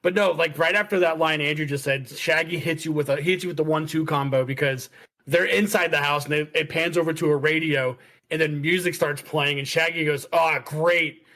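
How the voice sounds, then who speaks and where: A man on a podcast with a bright, forceful voice that sits a little high. He swears easily and tumbles into quick quoted lines. He talks like he's among friends. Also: steady tone. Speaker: podcast host. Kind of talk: casual chat.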